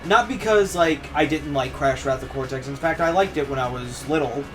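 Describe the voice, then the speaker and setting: Young dude chatting, kinda high voice, trips over his words, faint music under. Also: moderate pace. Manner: relaxed, stammering restarts, swears casually. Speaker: podcast co-host. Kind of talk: casual chat.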